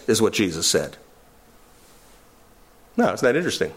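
A man preaching an expository sermon, animated and wry, with sarcastic asides and quotes acted out. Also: lowish voice, moderate pace. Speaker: pastor.

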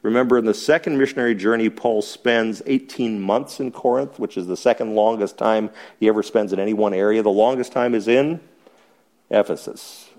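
A man's voice: lowish voice, a little fast, darkish tone. A man teaching a Bible study to a small group in a church, chuckling often and asking rhetorical questions and then answering them.

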